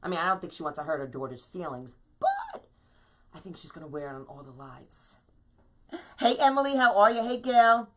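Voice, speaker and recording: A woman's voice: on the low side, animated, brisk. A middle-aged woman hosting a live crafting stream, talking casually and ranting emphatically, often tagging her lines with "okay?".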